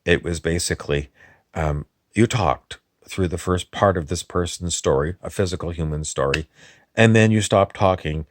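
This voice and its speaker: A man with a very low voice talks in a rambling comic monologue. He meanders, halts and wanders off topic. The recording is close and dry, with no room sound. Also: no room sound. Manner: meandering, halting, drifts off topic. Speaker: comedy channel host in character.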